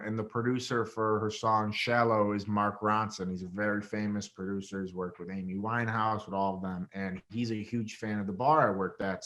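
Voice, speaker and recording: A young man from Rochester, New York, a guest telling a story in a casual interview, animated and swearing, acting out quotes with big jumps in his voice. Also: on the low side. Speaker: guest, reality show winner.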